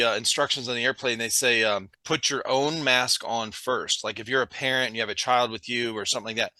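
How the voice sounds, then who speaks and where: A man's voice: mid-range voice, pushed and bright, dry recording. A man hosting a casual podcast chat who laughs often and reacts with swearing. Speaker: podcast host.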